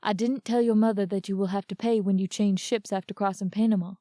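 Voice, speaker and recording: A woman reading aloud, voicing a small-town male doctor who speaks slowly and earnestly. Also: mid-range voice, steady tone, mellow, no room sound, studio quality, close to an everyday voice.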